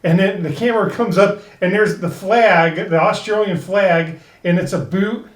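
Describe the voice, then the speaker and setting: A man co-hosting a casual podcast episode review, who laughs often and acts out quoted lines in a higher voice. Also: normal speed, echoey room, recorded from a distance. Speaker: podcast co-host.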